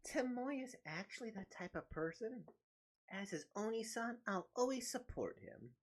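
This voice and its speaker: A man voicing a calm, supportive older sister in a soft, steady manner. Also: high voice, a little slow, pitched above the performer's own voice. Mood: warm.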